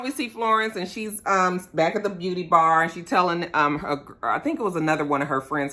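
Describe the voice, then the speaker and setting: Woman vlogger, bright and punchy tone, casual profane recap with lots of sass. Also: low voice. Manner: chatty, profane, sassy, with quick asides to viewers. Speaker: reality TV recap host.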